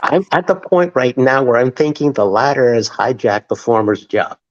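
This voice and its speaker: A man on a sports livestream, sarcastic, stretching his stories out slowly. His pitch is ordinary. His audio comes through dull and lo-fi, like a weak stream feed. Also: animated. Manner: sarcastic, drawn-out storytelling. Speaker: co-host. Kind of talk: casual sports call-in chat.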